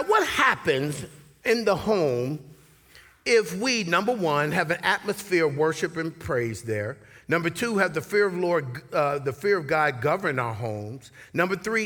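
Man, pastor, lively sermon, bright voice, fairly high pitch, long hall echo. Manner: animated preaching, jumping from low asides to high bursts.

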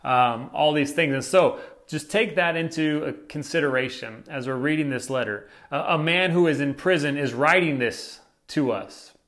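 Young male pastor, chatty, informal sermon delivery, slightly high voice. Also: normal speed, a bit bright. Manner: conversational, frequent "right?" and "like". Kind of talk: casual sermon.

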